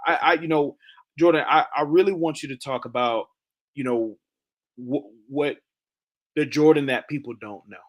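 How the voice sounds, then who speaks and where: A man's voice: on the high side, normal speed, long pauses. A man hosting a casual interview, enthusiastic and prone to repeating his phrases as he asks questions. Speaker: host. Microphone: video call.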